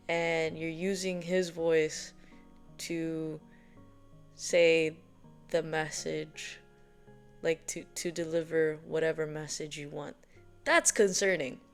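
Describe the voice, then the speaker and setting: A woman chatting casually as she explains things to her viewers, rambling through fillers and laughing often. Her voice sits a little low, with faint music in the background. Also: steady tone, slow, long pauses, smooth. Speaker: video host.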